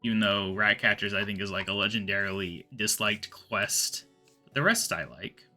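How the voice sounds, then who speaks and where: A man giving relaxed, rambling commentary while playing a game, often muttering to himself. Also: on the low side, moderate pace, faint music behind. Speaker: gaming video host. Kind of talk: casual gameplay commentary.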